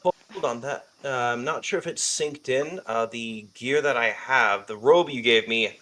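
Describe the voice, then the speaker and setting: A man's voice: mid-range voice, unhurried, fairly bright tone. A man playing a tabletop game, talking casually with some hesitation. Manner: hesitant, full of fillers. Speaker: player.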